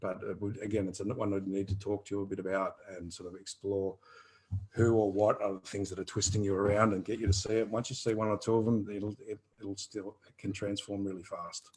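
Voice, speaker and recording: Man around fifty, husky voice, low pitch, rambling casual live Q&A chat. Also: brisk, rough recording. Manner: rambling, animated, earthy wording. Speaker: co-host answering listener questions.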